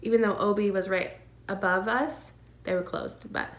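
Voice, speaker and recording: A woman's voice: mid-range voice, fairly even intonation, moderate pace. Woman telling an emotional story, echoey room. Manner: emotional, earnest, many fillers and nervous laughs. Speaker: vlogger sharing her twin pregnancy. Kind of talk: casual personal storytelling.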